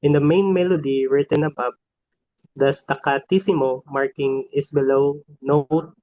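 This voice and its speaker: A man's voice: fairly high pitch, fairly even intonation, a little slow, warm tone, no room sound. A man carefully reading music definitions aloud in a lesson. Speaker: student reader. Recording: dry, dull lo-fi sound.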